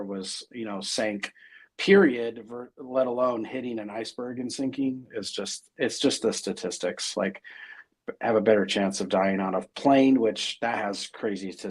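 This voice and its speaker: A middle-aged man as interview guest, talking casually and rambling with many fillers and restarts. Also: on the low side.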